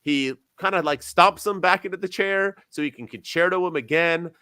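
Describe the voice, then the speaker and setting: A young man co-hosting a casual wrestling podcast, talking with sarcasm and swinging between loud bursts and quiet asides. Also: high-pitched, normal speed, clear, resonant tone, dry recording. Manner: animated, sarcastic, jumps between loud and soft. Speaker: podcast co-host.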